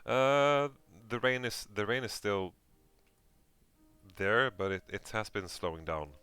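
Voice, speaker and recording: Bright-voiced male game master. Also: on the low side, animated, clear, resonant tone, no room sound, soft background music. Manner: casual, halting with many fillers. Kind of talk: narrating a tabletop game.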